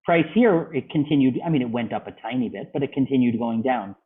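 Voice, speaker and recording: A mid-range, animated male voice moves briskly through a trading club lesson, covering charts and quizzing a student over a video call with phone-like audio.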